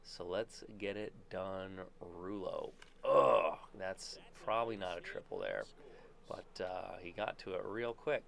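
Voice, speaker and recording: A man giving live gameplay commentary for his channel, excitable and joking, with playful trash talk. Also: low-pitched, a little slow, gravelly, a little hiss or hum. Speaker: gaming YouTuber.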